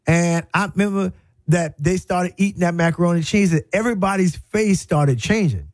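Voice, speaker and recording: A middle-aged man hosts a radio talk show from a studio, telling stories in an emphatic, folksy way and repeating his points for effect. His voice sits a bit high for a man. The sound is close and dry. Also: normal speed, no echo. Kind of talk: storytelling monologue.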